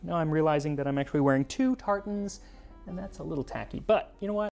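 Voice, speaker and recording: A man's voice: fairly high pitch, fast talker, creaky, a little mellow, faint music behind. A man hosting a cooking history show in scripted narration, with playful, jokey asides.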